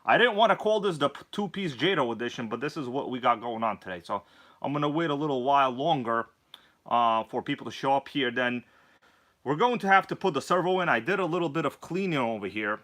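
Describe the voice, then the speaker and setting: A man hosting a casual live stream, hyped and joking, greeting viewers by name and swinging between loud bursts and low mumbles. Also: expressive, brisk. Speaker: livestream host.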